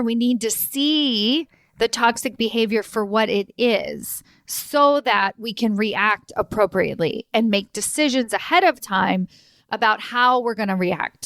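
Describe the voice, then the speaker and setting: A woman hosting a solo podcast as an executive coach, telling client stories in an animated way and acting out the dialogue. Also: a little high, no echo, clean studio sound. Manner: animated storytelling, acts out quoted dialogue with laughs.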